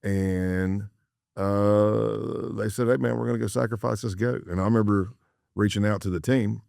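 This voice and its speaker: A man's voice: on the low side, steady tone, moderate pace, creaky, a little mellow, dry recording, clean studio sound. A middle-aged American man, a former undercover agent, telling a story as a podcast guest and acting out the dialogue he quotes. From United States.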